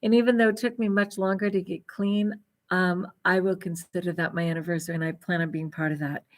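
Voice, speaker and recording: A woman's voice: fairly low pitch, steady tone, fairly quick. A middle-aged woman vlogger chatting casually on a livestream, rambling and laughing often.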